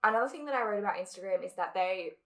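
A woman's voice: mid-range voice, rapid-fire. Chatty Australian woman co-hosting a podcast. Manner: chatty, laughs often, uses "like" a lot. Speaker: podcast co-host. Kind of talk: casual chat.

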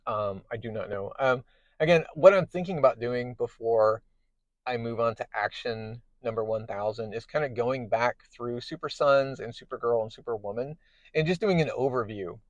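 A man hosting a podcast, casually recapping a comic book in a chatty way, with many pauses. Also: medium pitch, dry recording, lo-fi sound. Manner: chatty, many fillers and restarts. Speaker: podcast host.

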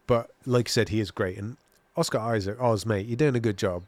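A man's voice: fairly low pitch, a little fast, darkish tone, dry recording. A man co-hosting a casual show review chat, talking loosely and laughing while he reads out listener comments. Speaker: podcast co-host.

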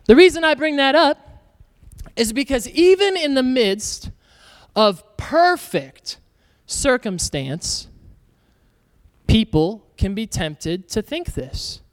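A man preaching a sermon to a church, energetic and joking in a casual, conversational way. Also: high-pitched, clear, resonant tone, long reverb tail. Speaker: pastor.

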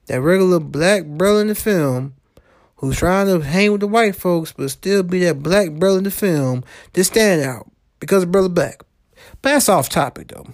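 A woman ranting in a heated, profane way, repeating herself and swinging her pitch up and down. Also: dry recording, studio quality. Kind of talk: profane personal rant.

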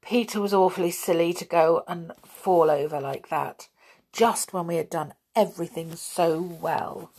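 A woman reading aloud puts on a mischievous little male pixie from a storybook, chatty and quick to swing from gloom to glee. The voice is slightly raised, unhurried and a touch husky. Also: fairly low pitch, darkish tone. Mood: gloomy.

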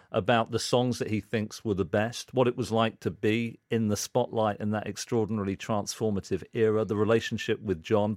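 A man's voice: on the low side, a little mellow, dry recording, studio quality. A man co-hosting a podcast, talking casually and thoughtfully. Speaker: podcast co-host. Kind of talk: casual chat.

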